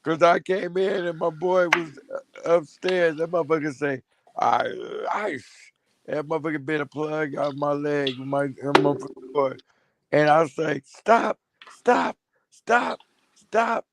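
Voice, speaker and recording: A man's voice: fairly high pitch, flat delivery, normal speed, very noisy. A man telling stories in a loose, profane, laughing way during a casual chat.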